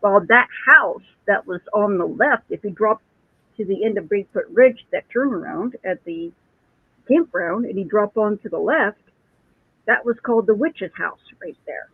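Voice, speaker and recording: A woman's voice: medium pitch, expressive, moderate pace, breathy edge, dry recording. A woman who works as a psychic medium talks casually and at length, restarting her sentences often. She comes through a thin, tinny phone line with no room sound. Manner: chatty, storytelling with many restarts and laughs. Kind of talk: casual chat.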